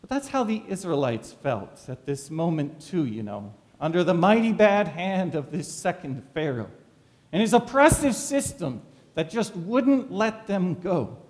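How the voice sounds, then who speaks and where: A pastor preaching a sermon, full of dramatic rhetorical questions. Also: male voice, sits high, very animated, unhurried, darkish tone, in a large hall.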